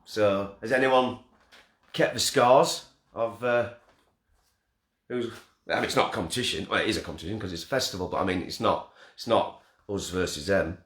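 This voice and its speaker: A man's voice: lowish voice, normal speed, long pauses, fairly bright tone. A man hosting a festival live stream from his front room, joking and self-deprecating as he rambles through the winners. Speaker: festival host announcing winners. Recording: roomy front-room echo.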